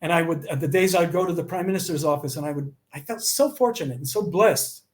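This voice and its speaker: His voice sits on the high side and he talks fast: a middle-aged American man guesting on an interview, spinning anecdotes. He stays animated throughout, voicing the dialogue of each story in conversation.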